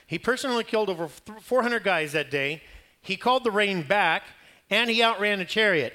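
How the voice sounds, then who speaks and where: A man preaching a sermon, telling a Bible story in a conversational, humorous way and acting out the quoted lines. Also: fairly high pitch. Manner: animated storytelling, acting out quotes, rising loud at climaxes.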